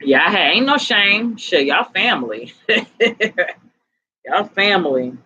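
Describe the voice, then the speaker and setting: A woman giving tarot readings on a casual live stream, chatting in a relaxed, slangy way, tired and sweaty. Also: medium pitch, slow, breathy edge, rough recording. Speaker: tarot reader.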